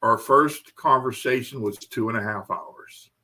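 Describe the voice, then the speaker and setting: A man who is a guest on an interview show, recalling a personal story in a casual, halting way as he searches for his words. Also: medium pitch, pushed and bright.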